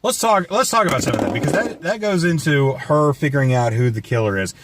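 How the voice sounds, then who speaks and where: Man on a film review chat, sweary and sarcastic, pitched a little high, swings his voice up and down a lot. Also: animated, a little fast, noisy background. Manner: profane, ranting, sarcastic. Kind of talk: casual movie review chat.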